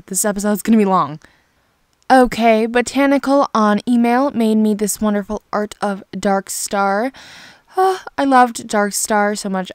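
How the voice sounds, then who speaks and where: A woman with a slightly high voice hosts her own channel, casually chatting about fan art in a gushing, sentimental way full of sighs. There's no echo on the audio.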